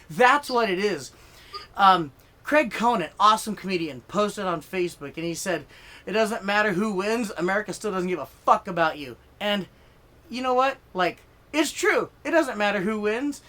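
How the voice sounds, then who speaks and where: A man's voice: high voice, a bit bright. A male comedian filming himself as he rants, swearing freely and getting worked up. His talk rambles, restarts and is full of fillers as he riffs for laughs. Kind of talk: profane comedic political rant to camera. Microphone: filming himself on camera.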